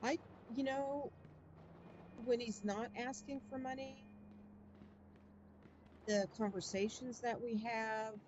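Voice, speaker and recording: A woman answers interview questions in a halting, hesitant way, trailing off and restarting. The audio is dull and muffled, with a faint hiss. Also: a little high, steady tone, darkish tone. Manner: hesitant, halting, searching for words. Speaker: scam victim interviewee. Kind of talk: documentary interview.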